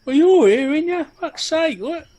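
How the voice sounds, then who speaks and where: A man playing a brash, high-voiced big brute. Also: lively intonation, a little slow, dark tone, slight background noise. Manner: blunt and quarrelsome, swears freely.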